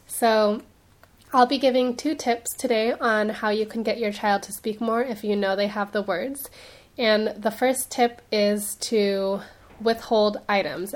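A woman speech pathologist hosting an advice podcast, chatty and explanatory, her nose stuffy as she gets over being sick. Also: mid-range voice. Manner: chatty, explanatory, with many fillers.

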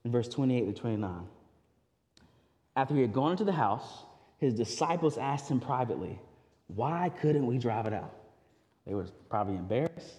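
A man preaching a sermon in a casual, conversational way with everyday slang, his delivery swinging between loud emphasis and quiet, low moments. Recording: long hall reverb.

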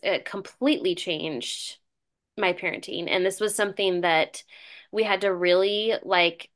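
A middle-aged woman hosting a podcast, talking earnestly in a loose, conversational way with many fillers and restarts. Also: fairly low pitch. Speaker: podcast host. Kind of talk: casual conversational interview.

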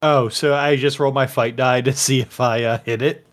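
A man's voice: medium pitch, fairly even intonation, moderate pace. A man playing a tabletop game, brash and stammering, swearing often. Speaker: player. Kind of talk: casual tabletop game chat.

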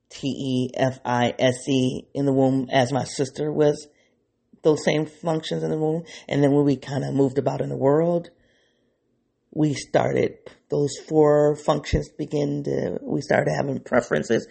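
Talking off the cuff to his viewers, a vlogger reflects aloud with raw emotion, wandering and starting his thoughts over. He has a mid-range, darkish voice with vocal fry.

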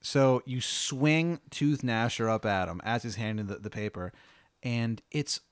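A man's voice: lowish voice, a bit bright, dry recording, clean studio sound. A young man narrating a tabletop game as game master, casual and profane, often stumbling over repeated words.

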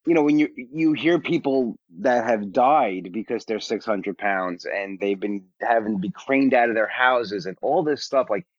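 A man who is a stand-up comedian, telling candid, self-deprecating stories as a podcast guest, blunt and quick to get defensive. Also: fairly low pitch, no echo, muffled recording.

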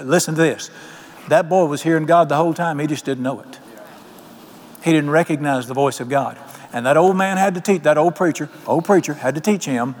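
Preaching with a fairly high pitch and a darkish tone, a pastor spins folksy, homespun stories, quoting people in different voices and putting questions to the congregation. The sermon echoes with a long hall reverb.

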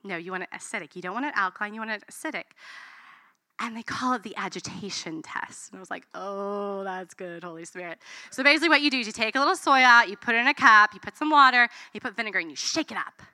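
A woman in her thirties, a mother preaching a sermon, telling lively stories and acting out what people said. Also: fairly high pitch, racing, no echo. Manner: animated storytelling, acts out quotes.

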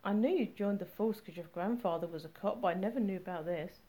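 A woman's voice: medium pitch, fast, mellow, natural voice. A woman reading the part of a male police partner, direct and questioning. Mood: earnest. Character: puzzled male police partner, blunt and curious. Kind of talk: audiobook character reading.

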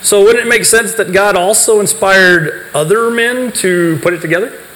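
The speaker is a man whose voice is high-pitched and fairly bright, delivered at a moderate pace. Teaching a youth group, he explains ideas and asks questions that he goes on to answer himself. The sound is reverberant, as in a hall, with faint background noise.

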